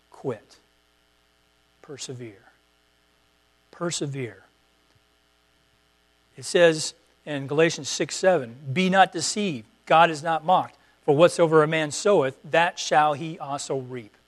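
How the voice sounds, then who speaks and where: A man preaching a sermon as pastor, repeating short exhortations and swinging between quiet, drawn-out words and loud, emphatic calls. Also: fairly high pitch.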